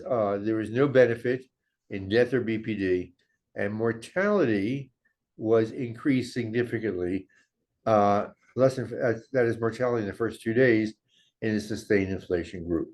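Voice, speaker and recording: An older man giving a measured academic medical lecture, walking through slides of study data. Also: lowish voice, darkish tone.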